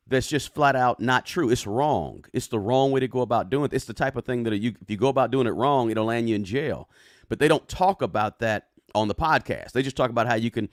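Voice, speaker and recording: A mid-range male voice, recorded at studio quality with no echo, hosts a live stream on personal finance. He's casual, reads out what viewers comment, and keeps adding "right?"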